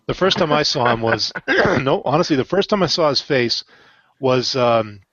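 A man's voice: mid-range voice, lively intonation, normal speed, a bit bright, no echo, highs cut off. A man co-hosting a casual podcast, telling rambling stories full of fillers and self-corrections. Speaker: podcast co-host.

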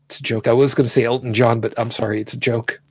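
A man's voice: medium pitch, little pitch movement, fast, slightly rough, no echo. A man co-hosting a casual talk show, rambling, joking and correcting himself as he goes. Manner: rambling, self-correcting, jokey. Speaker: podcast co-host. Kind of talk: casual chat.

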